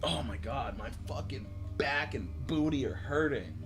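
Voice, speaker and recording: A man's voice: medium pitch, a little slow. A man chatting crudely and giggling on a live stream at home, a bit out of breath, with faint music behind. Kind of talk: casual live-stream chat and story reading. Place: home, near a bathroom.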